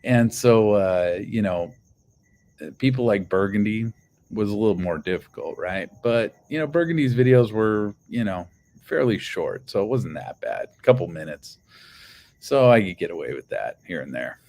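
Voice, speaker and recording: A man's voice: on the low side, expressive, moderate pace, darkish tone. A man casually telling a long personal story, rambling with lots of fillers and swearing. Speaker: channel host.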